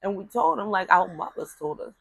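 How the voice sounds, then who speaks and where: A woman's voice: mid-range voice, a little fast, vocal fry, slightly rough, rough recording. A woman speaking, telling a family story in casual talk, rambling with repeated words and fillers and acting out relatives' voices. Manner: acts out voices of relatives in quotes.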